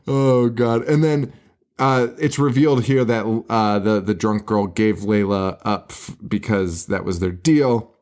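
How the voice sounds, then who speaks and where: A man's voice: fairly low pitch, a little slow, darkish tone. A man co-hosting a horror movie podcast, in loose casual chat. He laughs a lot, swears freely and mimics characters as he recaps scenes. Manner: laughing often, swearing, mock-quoting characters. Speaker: podcast co-host.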